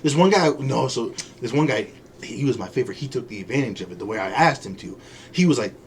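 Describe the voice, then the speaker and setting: A male podcast co-host tells a casual story with a lively, swooping voice, slipping into the voices of the people he quotes. He laughs easily. There is a faint hiss of background noise under him. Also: mid-range voice, quick pace. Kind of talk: casual chat.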